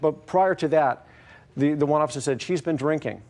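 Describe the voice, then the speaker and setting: A man giving testimony on a television court show, telling his story in a halting way with many fillers and restarts. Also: fairly high pitch, a little mellow.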